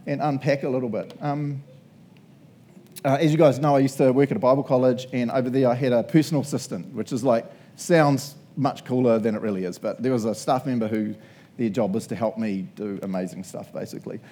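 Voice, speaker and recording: A man's voice: mid-range voice, steady tone, fairly quick, warm tone. Chatty New man preaching. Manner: chatty, laughing, acts out quotes. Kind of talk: casual sermon.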